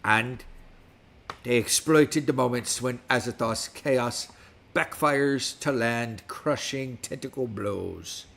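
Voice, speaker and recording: A man's voice: medium pitch, slow, gravelly, a bit bright. A middle-aged man hosting a casual livestream, talking in a put-on West Country pirate accent. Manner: playful pirate talk, reads stats aloud. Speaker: livestream host.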